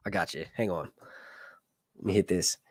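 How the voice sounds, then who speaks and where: A man's voice: sits low, moderate pace, slightly rough, no room sound, clean studio sound. A young man hosting a casual livestream, rambling and joking crudely. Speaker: YouTube show host.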